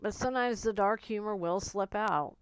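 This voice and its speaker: A woman's voice: medium pitch, moderate pace, clear, resonant tone, no echo. Blunt, swearing woman telling a personal story. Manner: blunt, emotional, swears freely. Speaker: vlogger.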